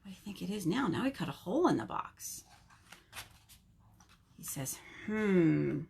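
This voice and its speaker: A woman working as a children's librarian, reading a picture book aloud in an animated, sing-song way and asking the children questions, recorded at home. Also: mid-range voice, normal speed, creaky, slight background noise. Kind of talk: storytime read-aloud for children.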